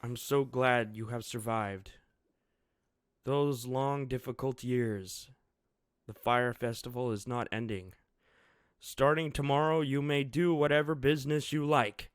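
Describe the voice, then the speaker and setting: A man's voice: medium pitch, steady tone, unhurried, dry recording, clean studio sound, natural voice. Man doing a solemn proud young shogun, Momonosuke. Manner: declaiming, formal.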